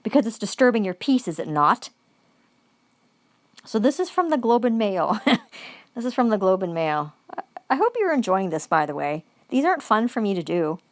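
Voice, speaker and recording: A woman's voice: medium pitch, big pitch swings, normal speed, pauses often, no echo. A woman giving an angry, profane vlog monologue, repeating phrases for emphasis.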